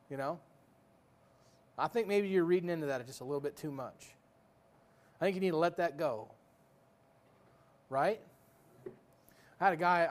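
A man preaching a sermon in a folksy, joking way, full of rhetorical questions. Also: fairly high pitch.

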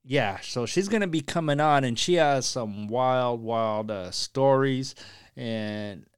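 A man hosting a casual podcast chat, upbeat and rambling, giving enthusiastic shout-outs. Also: mid-range voice, slow, clean tone, no echo, studio quality. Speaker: podcast host.

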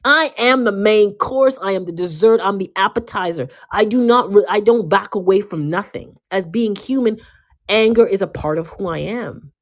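A woman giving a casual motivational talk, emphatic and given to repeating herself, swinging between loud bursts and quiet asides. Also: medium pitch, moderate pace. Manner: emphatic, often repeating and restarting words. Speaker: speaker giving a self-help talk.

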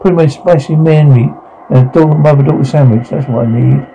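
An actor playing a brash, wisecracking middle-aged demon hunter who talks in a cocky, crude, sarcastic way. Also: male voice, fairly high pitch, a little fast, creaky, mellow, highs cut off, a little hiss or hum. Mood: mocking.

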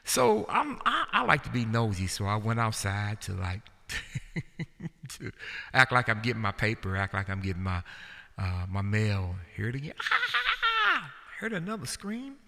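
Animated man hosting a comedy show. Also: fairly low pitch, creaky. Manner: animated storytelling, slows down for punchlines. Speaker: host. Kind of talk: stand-up comedy routine to a live audience. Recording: crowd and room noise. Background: audience laughter.

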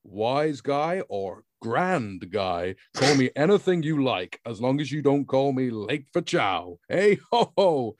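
A man's voice: mid-range voice, big pitch swings, no room sound, studio quality. A man doing a drawling, smug rich prankster. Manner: slow drawl, mock-jolly.

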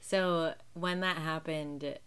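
A woman's voice: low-pitched, steady tone, takes it slowly, fairly bright tone, clean tone. A young woman hosting a casual chat, laughing often and giving short encouraging replies. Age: young adult. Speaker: podcast host.

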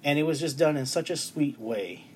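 A man's voice: fairly high pitch, animated, normal speed, a little mellow, a little hiss or hum. A man in his thirties talking casually in his bedroom about a film he loved, enthusiastic and emotional, rambling with restarts. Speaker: movie reviewer. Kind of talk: casual movie review.

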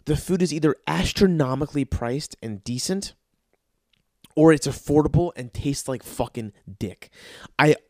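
A man's voice: a little high, a little mellow, no room sound, clean studio sound. A man hosting a podcast, telling rambling, profane stories in a casual monologue. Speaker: podcast host.

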